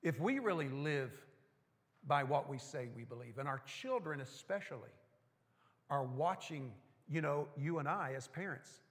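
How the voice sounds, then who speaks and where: High-voiced folksy preacher in a reverberant hall. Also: male voice, measured pace. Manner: folksy, animated preaching with mocking asides. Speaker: pastor. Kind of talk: sermon. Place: church sanctuary.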